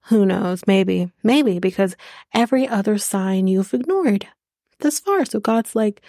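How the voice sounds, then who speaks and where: A woman's voice: mid-range voice, animated, measured pace, warm tone, no echo. Woman, podcast host, casual TV recap, sarcastic, blunt, swearing, dry sound.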